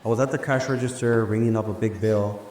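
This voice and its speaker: A man casually telling a personal story at a live event, animated and slangy, acting out the dialogue. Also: fairly low pitch, fast talker. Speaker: speaker sharing a personal story. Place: large room before a live audience. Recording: echoey hall with faint ambience.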